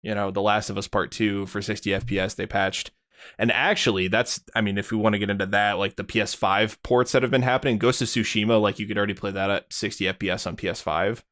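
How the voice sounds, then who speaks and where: A man's voice: on the low side, fairly even intonation, fast, fairly bright tone. A man co-hosting a podcast, talking casually and rambling with many restarts and fillers. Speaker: podcast co-host. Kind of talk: casual chat.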